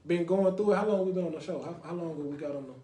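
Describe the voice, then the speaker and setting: A man hosts a laid-back podcast, talking in loose runs that keep circling back to "you know what I mean". His voice sits a little high for a man, and it bounces around an echoey room. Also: very fast, dark tone. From Lake Highlands, North Dallas, Texas. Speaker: podcast host. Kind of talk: casual podcast talk with call-ins.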